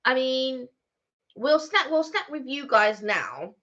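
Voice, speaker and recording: A woman's voice: high-pitched, sing-song, slow, bright, forceful tone. A woman co-hosting a live stream, chatting casually and animatedly, with frequent restarts. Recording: dull lo-fi stream audio.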